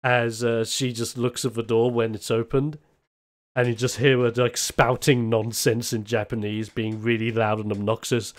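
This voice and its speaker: A man's voice: medium pitch, level tone, moderate pace. A man narrating as game master of a tabletop game, rambling with many fillers.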